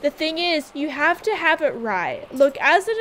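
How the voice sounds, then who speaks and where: A woman's voice: sits high, sing-song, unhurried, a bit bright, a little hiss or hum. Chatty young Australian woman streaming a game. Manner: chatty, rambling, giggly, reads viewer comments aloud. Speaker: livestreamer. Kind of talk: casual livestream chat while gaming.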